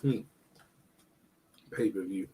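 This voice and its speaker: A man's voice: low-pitched, slow, dark tone, slight background noise. A man hosting a casual live boxing stream, chatting in slang and eating while he talks. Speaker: boxing channel host.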